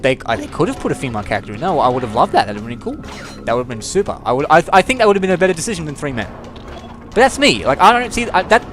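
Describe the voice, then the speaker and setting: Animated young man ranting over game play. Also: mid-range voice. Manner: opinionated, rambling, swears freely, many restarts. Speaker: let's play commentator. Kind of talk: gameplay commentary rant. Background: game music.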